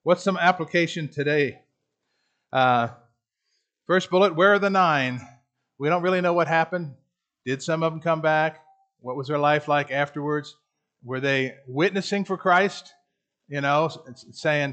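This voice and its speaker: A man's voice: on the high side, normal speed, fairly bright tone, muffled recording. A man leading a Bible study class, teaching in a conversational way and asking the group questions. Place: room with a class.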